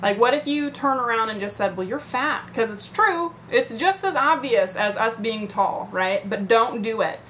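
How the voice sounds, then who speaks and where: A woman's voice: on the high side, lively intonation, moderate pace, hardly any pauses, fairly bright tone, slight background noise. A woman telling a story to her computer camera at home in a casual, rambling, profane rant. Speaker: vlogger. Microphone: computer webcam mic.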